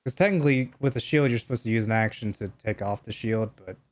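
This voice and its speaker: A young man running a tabletop game as game master, relaxed and hesitant, with many fillers. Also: on the low side, fast talker.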